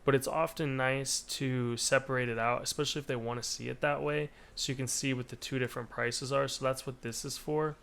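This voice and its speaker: A man's voice: mid-range voice, fairly even intonation, fairly quick, gravelly, few pauses, a bit bright, clear, resonant tone. A man casually walking through a painting estimate spreadsheet in a screen recording, explaining step by step with frequent fillers. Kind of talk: screen-recorded software walkthrough.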